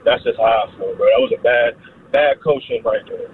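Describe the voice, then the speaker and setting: A man's voice: medium pitch, wildly swooping pitch, normal speed, slight background noise. A man in his thirties calling in to a sports radio show, rambling casually in slang. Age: 30s. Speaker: caller. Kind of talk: phone-in chat. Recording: tinny phone line.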